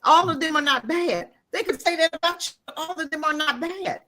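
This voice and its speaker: A woman's voice: sits high, fairly quick, bright, forceful tone. A woman giving blunt, impassioned commentary as a guest on a podcast.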